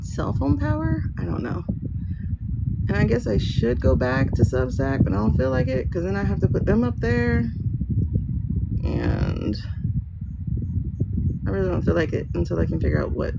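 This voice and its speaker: Gravelly, lively woman chatting on a livestream. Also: medium pitch, normal speed, pauses often. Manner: rambling, chatty, greets viewers by name. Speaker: livestream tarot reader. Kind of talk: casual livestream chat. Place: room at home, indoors. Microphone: phone livestream. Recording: lo-fi livestream with loud noise.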